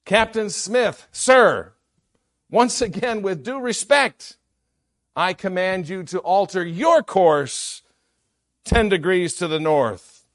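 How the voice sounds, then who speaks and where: A young private, put on by a male preacher, answers the captain politely but will not budge. His pitch sits raised and his words come measured and slow. The sound is dry and close. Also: animated, no room sound, exaggerated voice. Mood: firm. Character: calm, unyielding young male lighthouse keeper.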